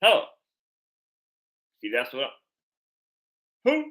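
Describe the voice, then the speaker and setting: Male live chat host, slightly high bright voice, halting slangy delivery with lots of repeated words. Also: very animated. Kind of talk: casual live stream talk.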